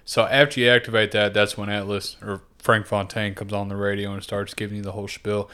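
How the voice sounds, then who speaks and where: A man co-hosting a casual podcast, retelling scenes with profane, animated asides. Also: on the low side, a little fast, clear, resonant tone. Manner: animated retelling with acted-out quotes; profane and laid-back. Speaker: podcast co-host. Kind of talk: casual chat.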